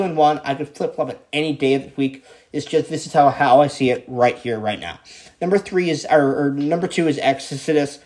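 A man counting down his favorite bands in a casual, excitable way, swearing freely and repeating himself. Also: fairly high pitch. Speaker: music vlogger ranking bands.

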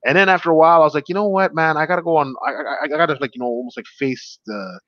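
A man's voice: on the high side, racing, dry recording, lo-fi sound. A man, a stand-up comedian guest, telling stories in a casual interview, rambling with fillers and restarts.

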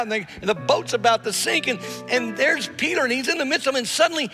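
A man's voice: extremely high pitch, brisk, hardly any pauses, pushed and bright. A male pastor telling a story in a sermon, often repeating words for emphasis and acting out the people he quotes. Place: church hall with live and online audience. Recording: long reverb in a large hall, faint music.

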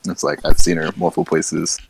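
A man's voice: rumbling low, little pitch movement, brisk, vocal fry, slight background noise, low-quality recording. A young man co-hosting a casual podcast over a call, rambling through stories with plenty of fillers. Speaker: podcast co-host. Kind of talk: casual chat.

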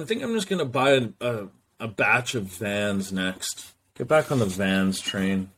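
A man's voice: fairly low pitch, animated, a little slow, a bit bright. A man hosting a solo podcast, rambling loosely from one thought to the next and swearing freely. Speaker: podcast host.

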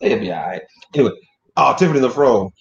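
A man hosting a casual, joking chat, animated and profane, who often acts out other people's voices. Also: medium pitch, fast talker, creaky. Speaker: podcast host. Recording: echoey dull lo-fi room.

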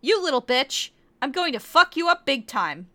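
A woman's voice: sits high, big pitch swings, normal speed, pitched above the performer's own voice, full character voice. Woman playing Korra, a fierce hot-tempered heroine. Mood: furious. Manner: aggressive, shouty.

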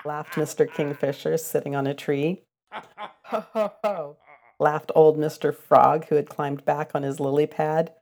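An older woman reading a children's storybook aloud, gentle and expressive with a sing-song lilt. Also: sits low, moderate pace, vocal fry, hardly any pauses.

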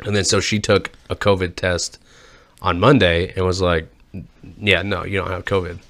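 A man's voice: sits low, little pitch movement, normal speed, fairly bright tone. A man co-hosting a crude podcast, telling stories casually with heavy swearing and putting on voices for the people he quotes. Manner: profane, storytelling, mimics others in quotes. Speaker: podcast co-host.

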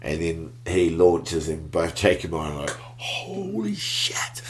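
A man telling a story in a laid-back, slangy way, breaking into bursts of excitement. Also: low voice, moderate pace. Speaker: guest. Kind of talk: casual storytelling.

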